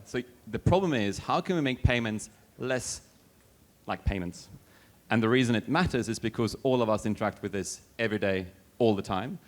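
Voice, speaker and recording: Measured, lower-voiced man on a panel. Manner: measured and explanatory, with small restarts. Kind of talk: conference panel answer. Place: conference stage with audience.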